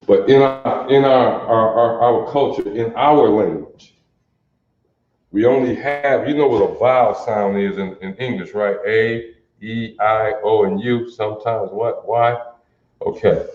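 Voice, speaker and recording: A man teaching an alphabet in a lesson, slow and deliberate, often quizzing his listeners with questions. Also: fairly low pitch. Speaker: language teacher. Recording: roomy, dull lo-fi sound.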